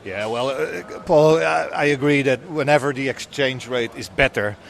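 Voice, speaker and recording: A man answering interview questions outdoors at an event, halting often and repeating words as he talks. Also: medium pitch, creaky. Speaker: guest.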